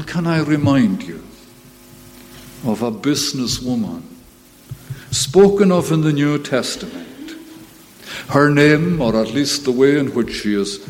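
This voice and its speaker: A man preaching a sermon, emphatic, swelling to loud bursts when he quotes scripture. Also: medium pitch. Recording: long reverb, faint hum.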